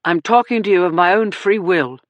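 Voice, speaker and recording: A woman's voice: lowish voice, a little fast, no echo, lo-fi sound, natural voice. A woman reading the part of a slick, defensive male murder suspect who sputters and pleads in a raised voice.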